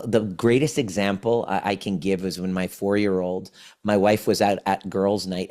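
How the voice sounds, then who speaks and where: A man's voice: low-pitched, a little mellow. A man in his forties, a guest on a podcast interview, explaining things earnestly and often restarting his phrases. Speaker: podcast guest, trauma healing coach.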